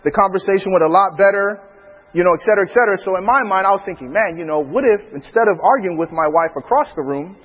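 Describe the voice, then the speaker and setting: A man who is a preacher, telling funny family stories in a laughing, animated way. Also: high-pitched, fast talker, breathy edge, in a large hall, dull audio. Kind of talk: storytelling in casual talk.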